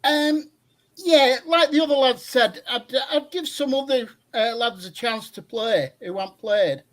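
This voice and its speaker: A man's voice: very high-pitched, a little slow, fairly bright tone. An older man calling in to a fan phone-in, telling long rambling stories with many hesitations. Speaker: caller. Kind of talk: phone-in chat.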